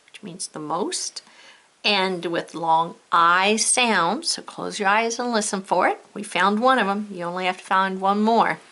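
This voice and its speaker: A woman leads a spelling lesson at an unhurried pace, sounding out words and spelling them letter by letter. Her voice is bright and clear, and she coaxes the learner along patiently. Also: medium pitch. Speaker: spelling teacher. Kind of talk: slow, encouraging spelling lesson.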